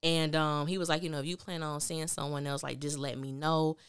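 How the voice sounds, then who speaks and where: A woman's voice: low-pitched, flat delivery, a little fast, clean tone, no room sound, clean studio sound. A woman hosting a podcast, recapping a TV drama in candid, opinionated casual talk and acting out the characters' lines. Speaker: podcast host reviewing a TV drama.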